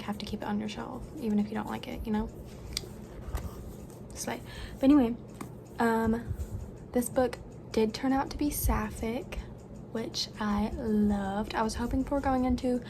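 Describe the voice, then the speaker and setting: A woman's voice: on the high side, vocal fry. Girl booktuber rambling to her camera, chatty and bubbly, fan noise going in the room. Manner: bubbly, chatty, lots of fillers. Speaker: book vlogger. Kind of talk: casual chat to camera. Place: home room with a fan running. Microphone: camera propped on the floor. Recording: noisy room with fan hum.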